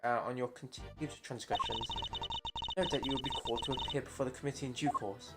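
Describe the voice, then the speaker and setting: Woman reading a cold, haughty official in a low voice; loud game music behind. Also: steady tone. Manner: slow, halting reading with stumbles. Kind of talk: reading game dialogue aloud.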